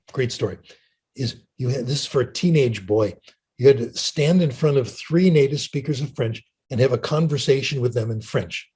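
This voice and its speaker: An older man, a linguist, gives a lecture and fields audience questions in a chatty, storytelling way, often checking in with "okay?". His voice is mid-range, somewhat dark in tone and slightly rough.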